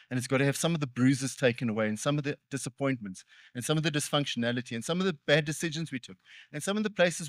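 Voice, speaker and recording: A man's voice: mid-range voice, a bit bright, dry recording. A man preaching a sermon in a conversational way, with earnest emphasis and joking, self-deprecating asides. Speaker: pastor.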